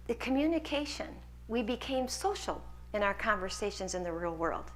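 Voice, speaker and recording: A woman's voice: fairly high pitch, expressive, a little fast, fairly bright tone. A woman lecturer taking questions from a hall audience, earnest and encouraging as she answers. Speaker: guest lecturer.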